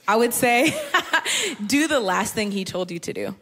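A woman's voice: a little high, animated, a bit bright. Woman panel guest, playful and chatty, long hall reverb. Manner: playful and chatty, quick to laugh. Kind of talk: casual faith encouragement on stage. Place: large hall at a live church gathering.

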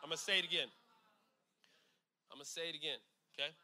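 A high-pitched man preaches with a very bright, ringing voice. He is from California and keeps it casual, dropping asides and repeating lines for emphasis. When he reads scripture he slows right down and stresses every phrase. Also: fairly even intonation. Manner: conversational asides like "you know what I'm saying". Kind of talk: sermon.

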